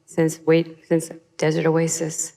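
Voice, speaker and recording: A young woman with a low, gravelly voice tells her testimony earnestly. She talks in a reverberant hall, where the sound lingers. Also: completely flat delivery, slow pace, warm tone. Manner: earnest storytelling, acts out quoted voices. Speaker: guest sharing her testimony. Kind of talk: personal testimony in conversation.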